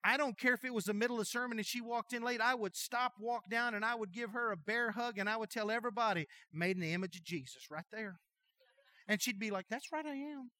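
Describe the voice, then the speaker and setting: A middle-aged man preaching a sermon as pastor, telling folksy jokey stories in an animated way. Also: very high-pitched, dry recording.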